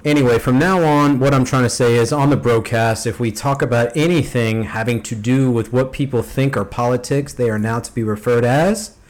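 A man hosting a casual podcast chat, animated and opinionated, swearing freely. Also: mid-range voice, normal speed, hardly any pauses. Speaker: podcast host.

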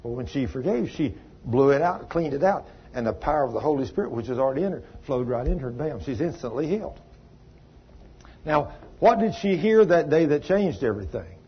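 Folksy preacher, husky, slightly high voice, emphatic, dull lo-fi tape. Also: male voice, expressive, a little fast. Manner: folksy and emphatic, with sudden exclamations. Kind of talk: sermon with storytelling.

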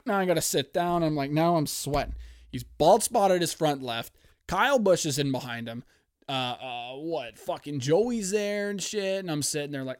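Excitable profane man, slightly high voice. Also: brisk, no room sound, clean studio sound. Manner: profane, excitable storytelling with sudden loud outbursts. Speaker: podcast host. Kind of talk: casual podcast race recap.

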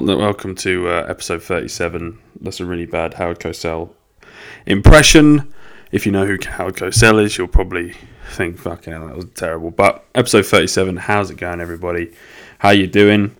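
A man's voice: sits low, brisk. A man hosting a solo podcast, rambling through casual chat with sweary, self-deprecating banter. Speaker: podcast host.

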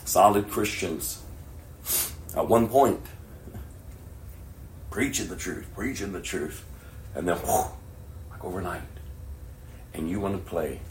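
Middle-aged male pastor, low-pitched, passionate sermon delivery with whispered lows, roomy echo. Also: slight background noise. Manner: swings from hushed whispers to loud, impassioned preaching. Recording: echoey room with faint ambience.

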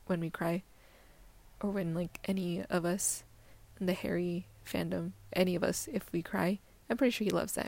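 A woman's voice: fairly low pitch, creaky. A young woman hosting her own solo podcast, rambling casually with lots of fillers and swearing, often dropping to a near-whisper. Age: young adult. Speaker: podcast host.

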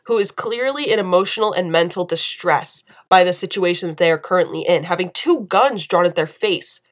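A woman's voice: lowish voice, fairly quick, hardly any pauses. A young woman from the United States giving impassioned video commentary, emphatic and indignant, repeating phrases for force.

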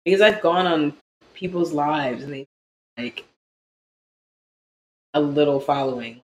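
A podcast co-host telling a story in a casual live-stream chat, animated and laughing often. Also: medium pitch, a little slow. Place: indoor room, streaming live. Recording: roomy echo, faint background hum.

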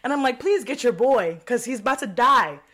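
A woman co-hosting a casual podcast chat, telling stories loudly and animatedly with heavy slang and swearing. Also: fairly high pitch, lively intonation, a little fast, a crowd in the background.

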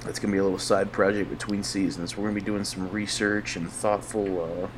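A man's voice: on the low side, little pitch movement, brisk, noisy background. A man co-hosting a podcast over a video call, joking in a dry way. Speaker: podcast co-host.

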